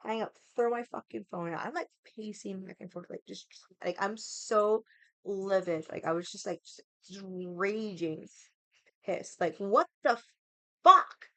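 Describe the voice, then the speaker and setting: Woman streamer, chatty and profane, rambling delivery, dry close sound, mid pitch. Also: steady tone, measured pace, no room sound. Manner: profane, rambling, heavy use of "like". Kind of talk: casual storytelling chat.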